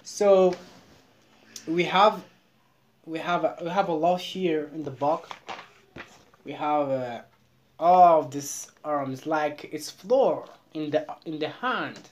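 A Moroccan woman with a Moroccan accent, chatting over a video call in halting English that she repeats as she goes. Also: deep voice, darkish tone. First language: Moroccan Arabic. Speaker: vlogger. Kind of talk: casual video call chat.

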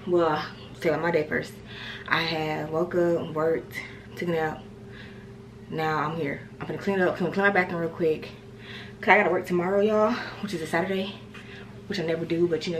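A young woman chatting through a day-in-my-life vlog, rambling and talking straight to her followers. Her voice sits fairly low with a gravelly, fry-heavy texture. The home recording carries a clear hiss of background noise. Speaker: vlogger.

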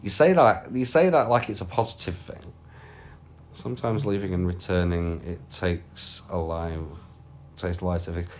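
A man's voice: low-pitched, moderate pace, slight background noise. A British man on a casual live stream from home, rambling and chatting with viewers over a phone mic. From United Kingdom. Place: at home, lying down.

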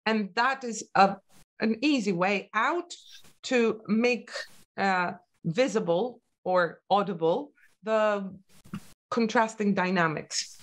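Slow-paced woman coaching a pianist. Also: medium pitch. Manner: patient, coaching with questions, calling out dynamics. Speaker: piano teacher. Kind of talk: online masterclass teaching.

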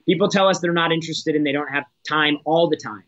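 A man's voice: on the high side, fairly even intonation, fast talker, fairly bright tone, no room sound, dull audio. A man answering as a sales executive guest on a podcast, talking in a direct coaching tone with frequent restarts.

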